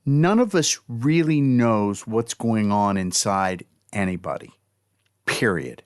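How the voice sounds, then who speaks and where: A man co-hosting a podcast, speaking earnestly with halting restarts. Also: fairly low pitch, lively intonation, no echo, clean studio sound. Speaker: podcast co-host. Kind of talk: casual chat.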